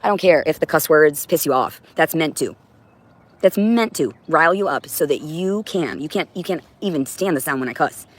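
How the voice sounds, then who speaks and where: A woman's voice: low voice, lively intonation, moderate pace. Brief: woman streamer, agitated profane rant, preachy, talks straight to viewers. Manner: preachy, addresses viewers directly. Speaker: livestreamer. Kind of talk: livestream monologue.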